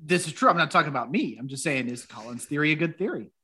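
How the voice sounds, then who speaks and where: A man's voice: a little high, expressive, bright, forceful tone, slightly rough. Upbeat male podcast host. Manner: upbeat, quick, prompting guests. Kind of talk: casual podcast chat.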